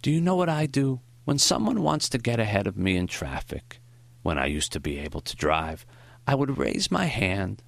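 A man voicing a frail, gentle old male professor in an audiobook, with a foggy, high-pitched voice and slow, earnest speech. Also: sing-song, creaky, no room sound. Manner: slow, warm, earnest counsel. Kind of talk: audiobook character voice.

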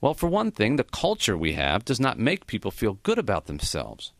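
Man voicing a frail old professor, gentle, unhurried, lowish voice, lively pitch, dry sound. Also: no room sound, heavily acted. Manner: gentle, unhurried, matter-of-fact. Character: frail dying old male professor, calm and accepting.

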